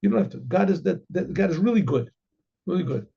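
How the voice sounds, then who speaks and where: Here a rabbi teaches a casual Torah class, acting out both halves of an inner dialogue and translating Hebrew lines after reading them aloud. He sounds high, gravelly, and slightly rough, talking animatedly at a quick pace while restarting and repeating phrases. The audio is dull lo-fi.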